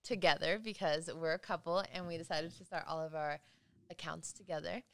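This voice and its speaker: A woman's voice: low voice, fairly even intonation, a little fast, gravelly, no echo. A young woman guest telling stories in a casual, chatty, giggly way on a podcast. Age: young adult. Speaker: guest, social media creator. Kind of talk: casual chat.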